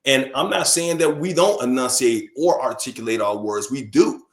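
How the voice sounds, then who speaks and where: A man raised between New York and Alabama, talking sports as a radio guest. He speaks in an animated, emphatic way, tripping over repeated words when he gets going. His voice sits in a middle range and carries a roomy echo. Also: medium pitch, normal speed. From born in New York, raised in Alabama. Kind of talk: casual sports radio chat. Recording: echoey room.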